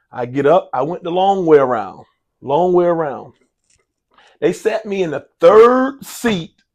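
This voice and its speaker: Animated man telling a story. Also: a little high. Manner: animated storyteller, acts out dialogue, frequent repetitions and "y'all". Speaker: head basketball coach, interview guest. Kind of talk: storytelling in a sports talk interview.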